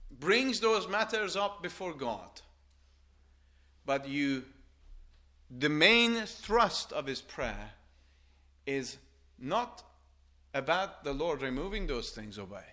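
An older man preaching a sermon, earnest and halting at times, rising into forceful appeals with repeated questions. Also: mid-range voice. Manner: halting restarts and stammers.

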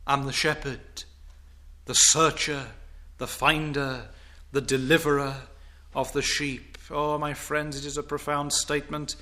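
A man preaching a sermon in formal, old-fashioned diction, building to loud, emphatic declamation as he reads scripture. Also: fairly high pitch, flat delivery, a little slow.

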